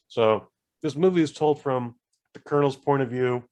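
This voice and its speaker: A man co-hosting a podcast, rambling through an animated casual chat with many fillers. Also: mid-range voice, moderate pace. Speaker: podcast co-host.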